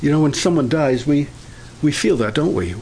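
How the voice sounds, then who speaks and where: An older man preaching a sermon, pausing often and restarting his sentences. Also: a little high, lively intonation, a little mellow, a little hiss or hum. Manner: halting, many filler pauses and restarts.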